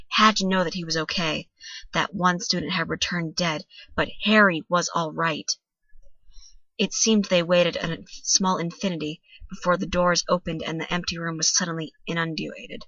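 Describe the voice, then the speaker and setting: A young woman reads a story aloud with a bright, forceful edge and a slightly low pitch. Her reading turns dramatic as the tension rises. The recording is dry and a little dull, like a close home mic. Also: dry recording. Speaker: fanfiction reader.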